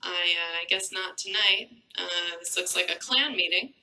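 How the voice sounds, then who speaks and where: A woman performing a stand-up comedy set on a theater stage with a handheld mic, deadpan with sudden high jumps into quoted voices. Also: normal speed, poor audio. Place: large theater stage before a live audience.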